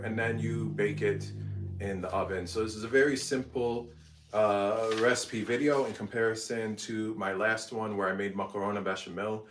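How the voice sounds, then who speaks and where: A man with a low voice talks casually through a behind-the-scenes cooking vlog, reading recipe steps and redoing takes when he trips over a word. The sound is roomy and echoey, picked up from a distance in a home kitchen. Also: a little hiss or hum. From Egypt. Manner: stops mid-phrase, laughs at his slips, redoes takes. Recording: roomy, mic some distance off.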